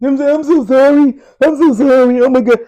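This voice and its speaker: A man's voice: very high voice, fairly even intonation, brisk, warm tone, dry recording, pitched above the performer's own voice. A man mocking a shrieking panicked pleader. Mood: panicked pleading. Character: panicking frightened person caught out, shrill.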